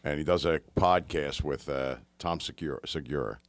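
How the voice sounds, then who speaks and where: A man's voice: a bass voice, normal speed, dry recording. A man co-hosting a podcast in casual chat, throwing in dry, teasing wisecracks. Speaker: podcast co-host.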